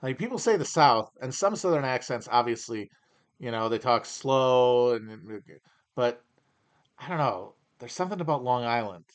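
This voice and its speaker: A man with a medium-pitched, expressive voice hosts a livestream Q&A chat from his home region in the upper Midwest, speaking at normal speed. The podcast host is rambling, wry, and opinionated, restarting his sentences often.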